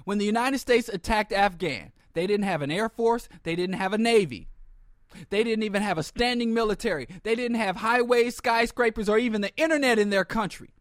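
A man with a notably high voice holds forth in a podcast monologue on politics. His delivery is blunt and sardonic, full of restarts and repeated words. The sound is dry, with no room ring. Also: brisk, no echo. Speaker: podcast host.

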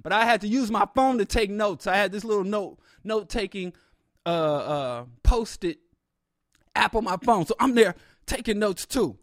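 A man telling a humorous story in an animated, comic way with exaggerated asides. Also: sits high, moderate pace, dry recording, clean studio sound.

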